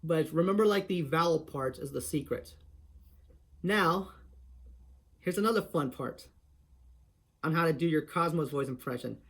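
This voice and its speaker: A man's voice: a little high, measured pace, pauses often. Rambling eager man teaching impressions. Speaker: host of an impression tutorial. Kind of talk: casual tutorial talk.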